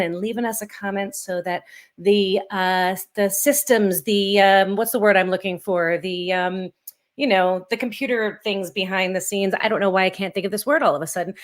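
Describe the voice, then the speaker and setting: A woman hosts a podcast with bubbly, talkative energy, her voice sitting at an ordinary middle pitch. She rambles a bit and fills gaps with ums as she hunts for the right word. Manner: upbeat, chatty, frequent ums and word searches. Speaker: podcast host. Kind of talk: casual podcast hosting.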